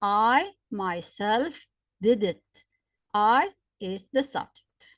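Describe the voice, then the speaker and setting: A woman's voice: mid-range voice, lively intonation, no echo, studio quality. Woman teaching grammar. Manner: slow, repetitive explaining with examples. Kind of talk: explanatory grammar lesson.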